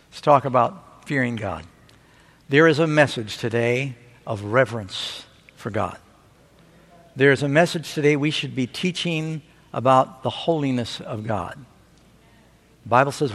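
A man preaching a sermon, telling stories with rising excitement and asking the audience for amens. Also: on the high side. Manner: animated storytelling preacher. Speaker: pastor. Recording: long hall reverb.

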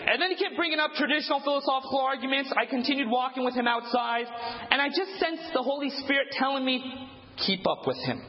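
High-pitched guy preaching, acts out the convos, big echoey hall, kinda dull lo-fi. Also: quick pace. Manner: animated storytelling, acts out dialogue. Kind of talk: sermon.

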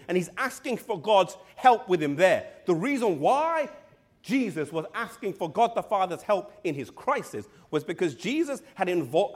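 High-voiced male preacher, emphatic sermon. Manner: emphatic, slows down for emphasis and drops to a hush; addresses the congregation directly.

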